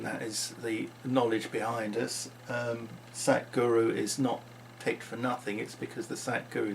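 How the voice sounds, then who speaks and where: Gravelly man rambling in a vlog. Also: mid-range voice, a little hiss or hum. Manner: rambling, musing, with frequent restarts. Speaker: vlogger. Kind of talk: unscripted vlog monologue.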